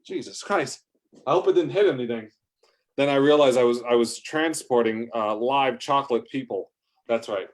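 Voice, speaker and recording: A man's voice: mid-range voice, moderate pace. Male comic storyteller, rambling and profane, prone to sudden over-the-top outbursts. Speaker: comedic storyteller.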